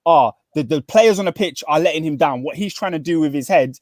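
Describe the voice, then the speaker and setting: A young man hosting a casual football podcast, talking fast and animated with many restarts. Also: a little high, dry recording. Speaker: podcast host.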